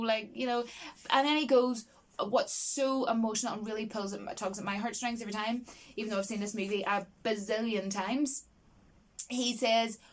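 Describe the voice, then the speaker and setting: This is a woman chatting casually to her audience about a film she loves. She rambles, backtracks and restarts her sentences, but her delivery stays animated and expressive. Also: fairly high pitch, moderate pace. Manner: enthusiastic and expressive, laughs easily. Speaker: film reviewer. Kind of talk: casual film review chat.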